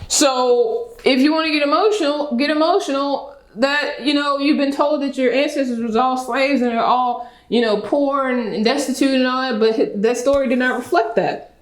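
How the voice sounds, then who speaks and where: A woman's voice: high voice, normal speed, roomy sound, poor audio. A woman giving opinionated reaction commentary as a video host. She talks emphatically and lectures, driving home her points and repeating them with a pointed "okay?".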